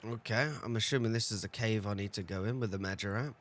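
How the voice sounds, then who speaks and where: A man's voice: lowish voice, steady tone, fast talker, hardly any pauses, fairly bright tone, soft background music. A man giving casual commentary while playing a game, reading dialogue and talking through his moves. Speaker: gaming video creator.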